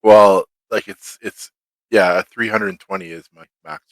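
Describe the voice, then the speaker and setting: A man's voice: fairly low pitch, fairly even intonation, unhurried, dry recording, poor audio. A man playing a tabletop game, talking hesitantly and second-guessing his choices. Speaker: player.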